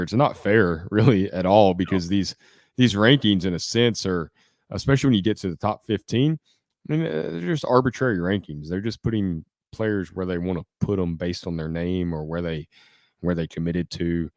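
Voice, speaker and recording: Sports podcast co-host, man, low register, assured and methodical, dry mic. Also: a little mellow, dry recording. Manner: confident, argues point by point. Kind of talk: casual sports talk.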